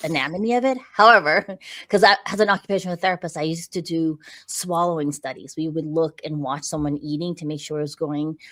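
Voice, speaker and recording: Middle-aged woman with a low voice, lively coaching tone, keeps checking the listener follows. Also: a little fast. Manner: animated and explanatory, frequent "right?" check-ins. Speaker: podcast guest, visibility coach. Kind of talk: conversational interview.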